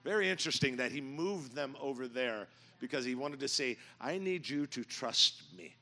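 A middle-aged man preaching a sermon in a church, telling stories and building to loud, emphatic points. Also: medium pitch, expressive, normal speed. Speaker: pastor. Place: church sanctuary.

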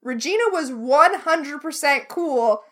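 A woman co-hosts a casual recap chat with a high, bright voice. She is opinionated and wry, with quick asides. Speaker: podcast co-host.

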